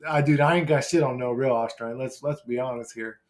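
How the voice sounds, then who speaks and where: A man's voice: medium pitch, steady tone, a little fast, a little mellow. A brash, profane man with an ordinary mid-range voice rambles loosely through viewer comments. He talks off the cuff, drifting between thoughts and swearing freely. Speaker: YouTuber replying to comments. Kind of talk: casual vlog comment replies.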